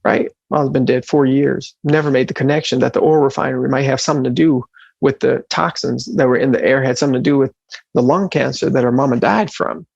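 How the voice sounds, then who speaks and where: A man's voice: mid-range voice, steady tone, quick pace, creaky, darkish tone, no echo, highs cut off. A man speaking as an environmental justice activist, delivering an impassioned speech full of rhetorical questions that build to rousing emphasis.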